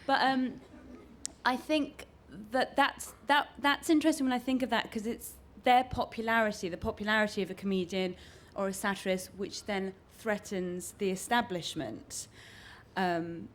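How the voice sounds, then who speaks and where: A woman's voice: medium pitch, steady tone, moderate pace. A woman from Iran, a comedian on a panel, speaking wryly and thinking aloud.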